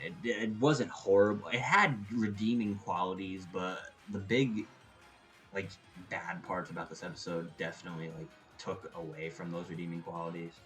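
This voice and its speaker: Lower-voiced man giving a rambling review. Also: rough recording. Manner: rambling, animated, opinionated, with frequent restarts. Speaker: anime reviewer. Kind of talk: casual opinionated review.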